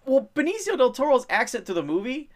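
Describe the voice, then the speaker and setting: A young man chatting casually as a podcast co-host, rambling with lots of fillers, getting excited and swearing freely. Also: very high-pitched, fast talker. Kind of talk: casual chat.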